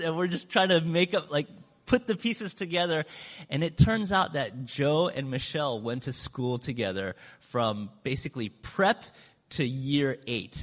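A man speaking to a church audience, telling a story in a chatty, animated way and acting out what people said with big swings in his voice. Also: moderate pace. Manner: acts out quoted speech with big pitch swings; chatty, with fillers and restarts. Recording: long hall reverb.

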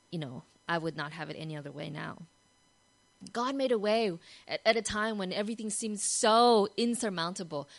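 A woman giving a devotional talk. She tells the story animatedly, often asks "right?", and moves from soft, hushed passages to loud, excited ones. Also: fairly low pitch, low-quality recording. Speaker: Christian devotional speaker.

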